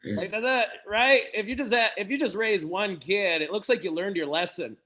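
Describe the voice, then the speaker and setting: A young man from Canada doing a stand-up set at an online open mic, animated and laughing at his own jokes. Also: high-pitched, normal speed. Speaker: stand-up comedian.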